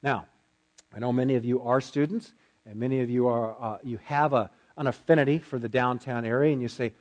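A man's voice: medium pitch, steady tone, fairly quick, darkish tone, highs cut off. A pastor delivering a sermon to his church, asking rhetorical questions and voicing his listeners' objections.

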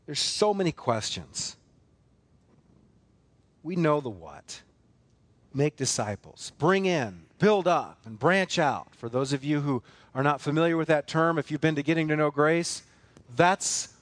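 A man's voice: on the high side, dry recording. A man preaching a sermon as pastor, emphatic and repetitive, with many rhetorical questions.

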